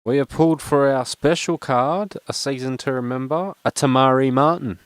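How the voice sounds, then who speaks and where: A young man casually rambles and mocks himself while opening trading cards for his vlog. His smooth, mid-range voice moves at a normal speed, with no room sound.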